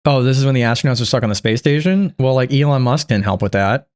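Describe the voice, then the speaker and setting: A man's voice: mid-range voice, quick pace, clean tone. A man hosting a reaction video, giving sarcastic commentary that is full of swearing. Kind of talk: casual commentary.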